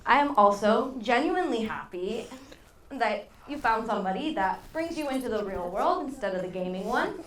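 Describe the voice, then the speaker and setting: High woman, teasing toast, far off in an echoey hall. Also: expressive, normal speed, noisy background. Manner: joking, teasing, fighting tears. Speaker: groom's sister giving a toast. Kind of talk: wedding toast.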